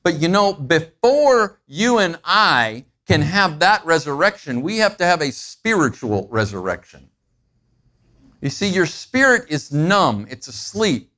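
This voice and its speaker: A pastor preaches conversationally, asking listeners questions and acting out everyday moments with animated jumps in pitch.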